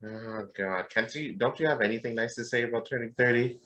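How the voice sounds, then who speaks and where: A man's voice: mid-range voice, fairly quick, a bit bright, highs cut off. A young man co-hosting a podcast in casual chat, joking and profane, rambling from one point to the next. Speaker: podcast co-host.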